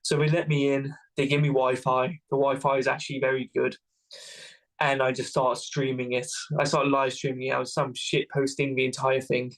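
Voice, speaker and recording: A man's voice: mid-range voice, little pitch movement, moderate pace, rough recording. A young man from Wales telling travel stories as a guest, casual and self-mocking. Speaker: guest adventurer. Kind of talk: casual storytelling.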